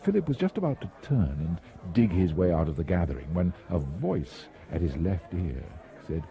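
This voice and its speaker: Low-voiced man reading a wry tale. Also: very animated, moderate pace, few pauses, warm tone. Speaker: storyteller. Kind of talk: reading a travel memoir aloud.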